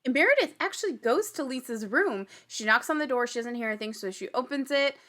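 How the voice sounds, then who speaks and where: A woman recaps a reality show on her podcast in a chatty, gossipy way, her voice sitting a little high. She talks casually and often slips into laughter. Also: animated, fast talker, fairly bright tone. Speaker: podcast host.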